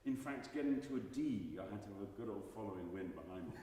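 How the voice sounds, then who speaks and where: Animated male voice coach in an echoey hall. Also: fairly low pitch, quick pace, far from the mic, crowd noise. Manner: animated, jokey, restarts often, sings short demonstrations. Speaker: voice coach leading a masterclass. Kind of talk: masterclass coaching. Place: large recital hall.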